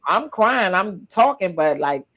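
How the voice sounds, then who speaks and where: A woman hosting a casual livestream podcast, lively and emotional, teary-eyed as she talks. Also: mid-range voice, measured pace. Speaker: podcast host.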